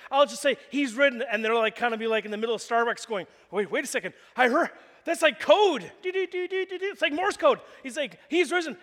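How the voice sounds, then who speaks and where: A man preaching an animated, jokey sermon and telling a story to the congregation. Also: very high voice, long reverb tail. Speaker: pastor.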